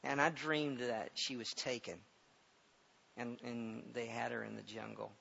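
A middle-aged pastor telling a personal story in a sermon, halting and repeating words, then growing loud and emphatic as he preaches. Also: medium pitch, steady tone, vocal fry, breathy edge. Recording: dull lo-fi recording with faint hiss.

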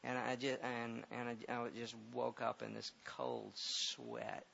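A middle-aged pastor telling a personal story in a sermon, halting and repeating words, then growing loud and emphatic as he preaches. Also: medium pitch, flat delivery, gravelly. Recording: dull lo-fi recording with faint hiss.

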